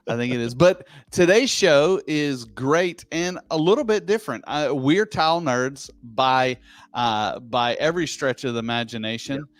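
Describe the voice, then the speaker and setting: A man with a Southern US accent co-hosting a live show, chatting casually in a rambling, self-deprecating way with frequent halting restarts. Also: medium pitch, dry recording. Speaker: co-host.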